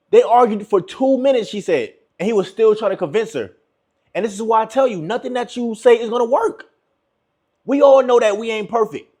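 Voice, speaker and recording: A man comments on a clip and hands out relationship advice. His voice is high and husky. He repeats his points like a preacher and acts out what others might say. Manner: preachy, repetitive, acts out quotes.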